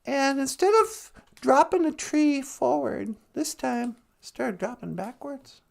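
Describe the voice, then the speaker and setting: A woman storyteller with a high, gravelly voice, telling a folk tale at an unhurried pace. She talks chatty and humorous, like she's chatting with friends. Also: expressive. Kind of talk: casual storytelling.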